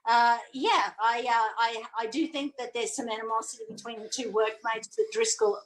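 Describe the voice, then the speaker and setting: A woman's voice: on the high side, steady tone, normal speed, rough recording. A woman co-hosting a podcast, chatting casually and joking around. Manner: joking, teasing. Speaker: podcast co-host. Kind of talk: casual chat.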